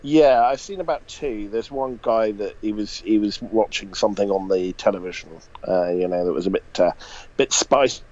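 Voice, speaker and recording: A man's voice: lowish voice, moderate pace, a little mellow. A male caller on a comic phone-in, mock-formal and hesitant, full of fillers. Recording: dull lo-fi call line.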